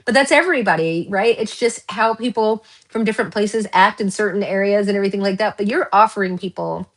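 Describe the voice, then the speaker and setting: A woman giving a casual pick-a-card tarot reading, rambling and excitable, laughing often and drifting into tangents. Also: medium pitch, fairly quick.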